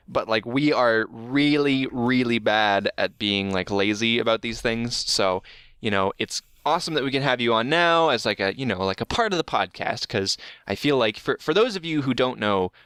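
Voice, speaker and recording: A man's voice: medium pitch, a bit bright, clean tone, no echo. Casting: male podcast host, casual and rambling, lots of likes, dry close mic. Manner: rambling, many filler words.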